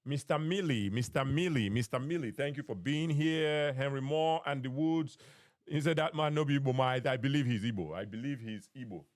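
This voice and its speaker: A man's voice: mid-range voice, fairly quick, no room sound, studio quality. A man with a Nigerian accent hosting a live call-in podcast, mixing in Pidgin and often repeating his phrases. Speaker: podcast host. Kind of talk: live-stream call-in chat.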